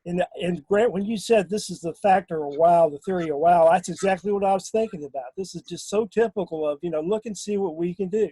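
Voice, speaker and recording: A man talking casually in a remote group discussion, halting, with many fillers and restarts. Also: high-pitched, warm tone, breathy edge, no echo, poor audio. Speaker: guest on a paranormal discussion.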